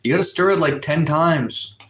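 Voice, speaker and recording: A man's voice: fairly high pitch, normal speed, fairly bright tone, echoey room. Rambling man livestreaming from home. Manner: rambling, filler-heavy storytelling, reads chat aloud. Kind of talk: casual livestream chat. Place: indoors at home, in a room with a window. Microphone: phone.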